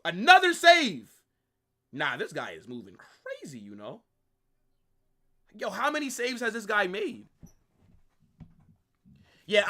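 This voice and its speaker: A young man, reacting live to a football match in excited, exasperated rants full of swearing and repeated phrases. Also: sits high. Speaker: football watch-along streamer.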